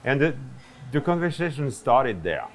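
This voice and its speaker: A man's voice: medium pitch, sing-song, normal speed. A middle-aged man with a French accent, a chef and restaurant owner, chatting in an interview with self-mocking humor, in a busy restaurant. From France. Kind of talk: casual interview. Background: diners chatting and laughing.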